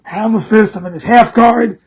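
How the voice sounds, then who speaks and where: A middle-aged man hosting a podcast, telling an animated, profane story and laughing through it. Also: high voice, normal speed, creaky, breathy edge. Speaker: podcast host. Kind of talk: casual storytelling.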